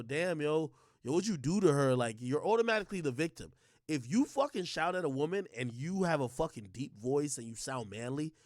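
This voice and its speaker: Animated, high-pitched ranting man. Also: dry recording, clean studio sound. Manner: animated, profane, repetitive fillers. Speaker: streamer and commentator. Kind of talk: ranting commentary stream.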